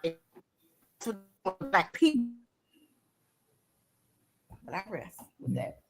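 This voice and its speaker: A woman's voice: medium pitch, very animated, slow, over music. A woman giving blunt, impassioned commentary as a guest on a podcast.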